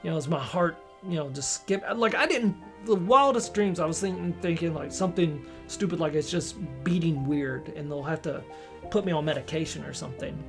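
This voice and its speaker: A man telling a personal story in a casual, halting way, often restarting sentences and acting out what others said to him. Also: a little high, over music. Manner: halting, with many restarts and quoted dialogue. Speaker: storyteller recounting a personal experience.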